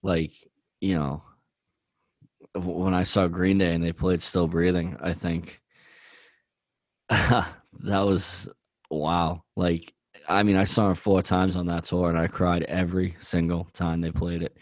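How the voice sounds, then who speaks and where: A man's voice: sits low, level tone, takes it slowly, pauses often, dry recording. A man co-hosting a podcast, talking earnestly in a rambling way with many fillers. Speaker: podcast co-host. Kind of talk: casual chat.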